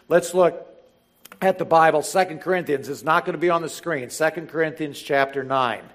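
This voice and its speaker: A man preaching a sermon, reading scripture slowly and building to emphatic, animated exhortation. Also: a little high. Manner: reads scripture slowly and deliberately. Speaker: pastor.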